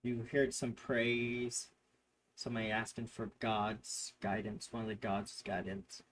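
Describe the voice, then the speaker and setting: A male game master narrating a tabletop role-playing session in an unhurried, deliberate way. He improvises his descriptions and corrects himself partway through sentences. His voice is of middling pitch, with faint noise in the background. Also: fairly bright tone.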